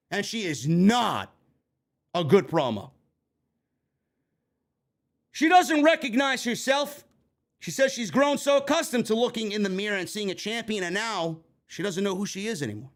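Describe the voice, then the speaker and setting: A man reviewing a wrestling show in an angry, sarcastic rant full of swearing. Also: sits high. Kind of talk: profane ranting show review.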